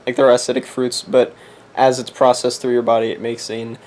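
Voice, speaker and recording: A young man vlogging from his apartment, joking in a deliberately ridiculous put-on accent and sermonizing in mock-serious fashion. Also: mid-range voice, level tone, darkish tone. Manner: jokey, mock-preachy, laughs at himself. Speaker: competitive game player vlogging. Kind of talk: casual comedic monologue.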